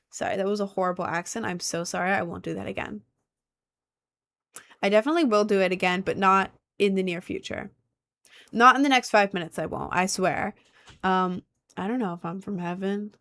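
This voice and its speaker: A woman's voice: mid-range voice, moderate pace. Young woman streamer, casual and scattered, talks straight to chat. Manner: rambling, chatty, swings between loud and mumbled. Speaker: livestreamer and musician. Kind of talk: casual livestream chat reading comments.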